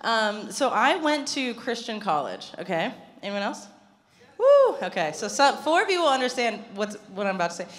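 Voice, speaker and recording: A woman's voice: medium pitch, sing-song, a little fast, hardly any pauses, a bit bright. A young adult woman preaching a conversational sermon in a church, chatty and self-deprecating, laughing often. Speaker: pastor. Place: church sanctuary.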